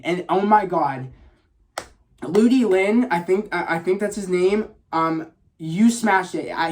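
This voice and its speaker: A man giving a casual spoiler review of a film in a vlog, excited and rambling, with many fillers, restarts and swearing. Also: sits high.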